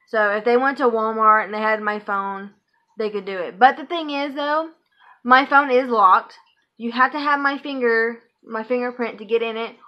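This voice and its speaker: A young woman in her twenties tells a story straight to camera, with lots of fillers and swearing. Her voice sits fairly high for a woman. The recording is dull and lo-fi. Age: 20s. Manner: chatty, profane, filler-heavy. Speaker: vlogger. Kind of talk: casual storytime vlog.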